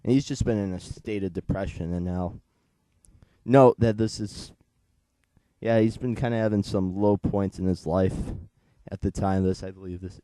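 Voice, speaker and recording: A man's voice: sits low, fairly even intonation, normal speed, warm tone, no room sound. A young man in his late teens, chatting casually as he reviews a comic book and retells its plot in a rambling, digressive way.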